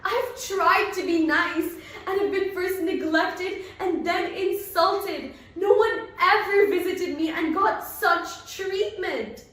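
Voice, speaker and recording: A woman's voice: very high voice, slow, hardly any pauses, fairly bright tone, voice pushed up, full character voice. A young female performer playing a wounded teenage girl who complains of being neglected and insulted, in a wavering, pleading voice. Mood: aggrieved. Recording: very echoey room, from a distance.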